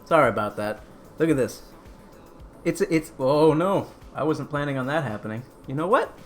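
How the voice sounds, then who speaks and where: A man's voice: on the high side, animated, normal speed, faint music behind. A man hosting a casual cooking live stream, chatty and rambling as he answers chat.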